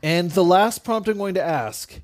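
A man's voice: sits high, expressive, normal speed, a little mellow, faint music behind. A young man running a tabletop game as game master, chatting casually and laughing at himself with his players.

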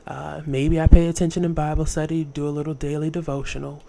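A woman casually retelling a story for laughs, slangy and animated. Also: sits low, fast talker, creaky. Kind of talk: comic storytelling.

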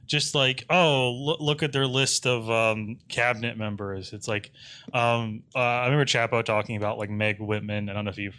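A man's voice: mid-range voice, fairly even intonation, moderate pace, sharp tone. A man co-hosting a podcast in casual comedic chat, rambling with many fillers and restarts. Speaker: podcast co-host.

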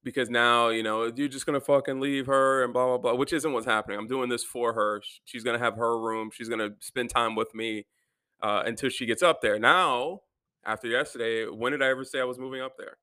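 A man's voice: mid-range voice, fairly even intonation, brisk, pushed and bright, clear, resonant tone, dry recording. A young man venting in a rambling, profane personal monologue about his life. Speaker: vlogger.

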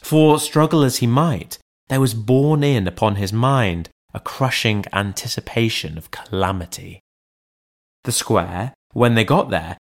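A man narrating an audiobook in a measured, deliberate reading voice. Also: lowish voice. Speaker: audiobook reader. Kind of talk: scripted narration.

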